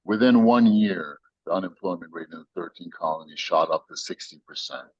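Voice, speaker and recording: A man's voice: low-pitched, fairly quick, slightly rough, no room sound, dull audio. An American man, a company founder, talking as a guest in an emphatic, slangy, preachy storytelling way. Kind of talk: animated storytelling interview.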